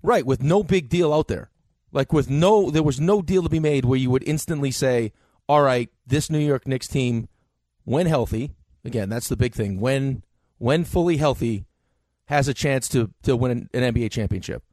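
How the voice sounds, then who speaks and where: A man co-hosting a sports radio show, trading needling jokes and quick basketball analysis. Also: mid-range voice, darkish tone, no echo. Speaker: radio co-host. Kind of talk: casual sports radio banter.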